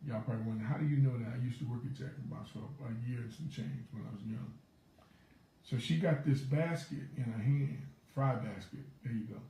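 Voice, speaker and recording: A man's voice: mid-range voice, fairly quick, vocal fry, warm tone, reverberant, a little hiss or hum, poor audio. A man, a pastor hosting his morning show, telling a story animatedly and acting out the quotes. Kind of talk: storytelling devotional talk.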